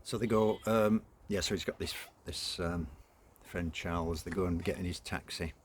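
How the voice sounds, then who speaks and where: A man's voice: low-pitched, steady tone, normal speed, slight background noise. A man casually retelling and reading a novel, chatty and hesitant with personal asides. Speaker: book reader.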